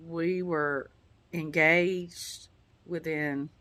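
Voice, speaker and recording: A woman's voice: low voice, fairly even intonation, extremely slow, a bit bright, no room sound. Rambling heartfelt woman vlogger. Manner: rambling, heartfelt, many "you know" fillers. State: tearing up at times. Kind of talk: casual personal update.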